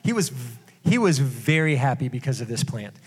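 Jokey preacher in a reverberant hall. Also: male voice, mid-range voice, big pitch swings, husky. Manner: conversational, jokey, quick asides. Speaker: pastor. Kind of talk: casual sermon.

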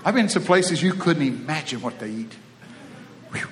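A man's voice: a little high, lively intonation, moderate pace, background noise. A middle-aged man with a Texas accent, preaching in a folksy, joking way full of homespun stories. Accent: Texan. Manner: folksy, joking, drawling Southern phrasing. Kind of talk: folksy sermon with storytelling.

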